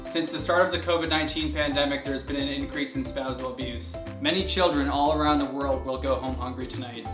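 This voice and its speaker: A man's voice: mid-range voice, fairly even intonation, brisk, reverberant, over music, lightly acted. A man voicing a cheerful children's TV host in a comedy sketch. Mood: chipper. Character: cheery kids' show host, adult male.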